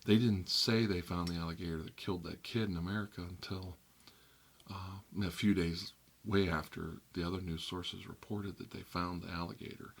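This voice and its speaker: A man hosting an ASMR video, talking in a wry, conversational way that drifts between soft whispers and emphatic bursts. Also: sits low, steady tone, moderate pace, creaky, husky. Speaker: ASMR channel host. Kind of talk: soft-spoken ASMR rant about news media.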